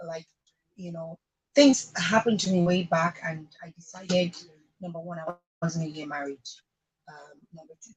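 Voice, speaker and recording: A Nigerian woman in her thirties hosts a radio talk show. Her voice is husky and sits fairly low. She gives earnest, chatty advice with plenty of fillers. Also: low-quality recording.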